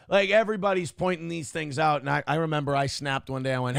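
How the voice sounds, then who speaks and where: Brief: middle-aged male streamer, blunt and profane, slightly high gravelly voice. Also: steady tone, quick pace, few pauses, fairly bright tone, dry recording, clean studio sound. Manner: blunt, ranting, swears freely. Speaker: streamer host reading chat. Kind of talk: casual livestream commentary.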